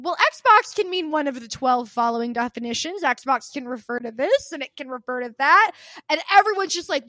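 A woman's voice: sits high, brisk, a bit bright, no echo. A woman co-hosting a podcast in casual chat, ranting with exasperation, swearing freely and acting out the people she quotes. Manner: acts out quoted people with shifts of voice. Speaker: podcast co-host.

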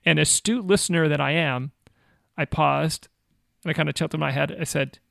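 Gravelly, animated male storyteller. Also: a little high, moderate pace, dry recording, clean studio sound. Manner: animated storyteller, acts out quotes. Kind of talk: casual faith talk with storytelling.

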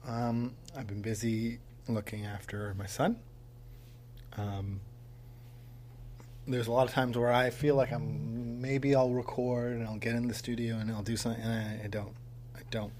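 A man's voice: mid-range voice, little pitch movement, unhurried, a little mellow, a little hiss or hum. Rambling man hosting a solo podcast. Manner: rambling, frequent ums, self-deprecating humor. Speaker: podcast host. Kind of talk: casual solo podcast monologue. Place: home studio. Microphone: mic on a tripod.

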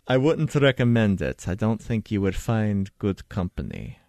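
A man's voice: lowish voice, sing-song, creaky, darkish tone, no echo, exaggerated voice. A man voicing a wry, ancient divine being. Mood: teasing. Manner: measured, sage-like counsel.

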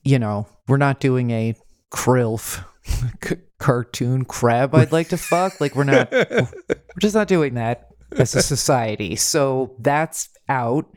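A podcast co-host with a mid-pitched voice, chatting casually and wryly. They laugh often while steering the talk, and the recording is dry. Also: animated, slow, a little mellow, dry recording. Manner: wry, laughing, leading the segment. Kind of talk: casual chat.

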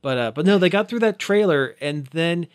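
A man's voice: a little high, animated, normal speed, clean tone, no echo, clean studio sound. A man co-hosting a casual podcast chat, rambling with lots of "like" fillers. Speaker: podcast co-host.

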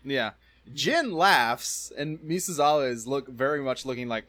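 A man's voice: medium pitch, a little slow, no room sound. A man co-hosting a podcast, casually recapping plot and acting out lines. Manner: narrates plot with animated quoted voices. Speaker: podcast co-host.

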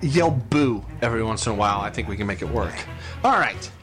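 A man's voice: on the low side, lively intonation, quick pace, over music. A man hosting a podcast, chatting casually and joking with playful banter. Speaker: podcast host. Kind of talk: casual chat.

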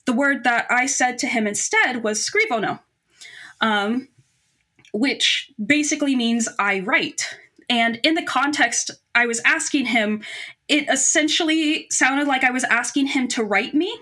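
A young woman telling a funny personal anecdote as a podcast guest, animated and self-deprecating, laughing often. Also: high voice, measured pace. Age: young adult. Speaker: guest storyteller.

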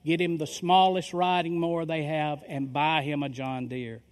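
A man's voice: fairly high pitch, flat delivery, normal speed. A middle-aged male pastor telling a story in a sermon, acting out the dialogue of the people in it. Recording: long reverb of a large hall.

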